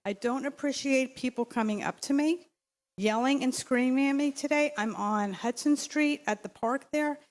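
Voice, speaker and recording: Standing at the podium mic during a city council meeting, a woman whose voice sits high makes a public comment at normal speed. She presses her point insistently, rambling and restarting often amid plenty of fillers.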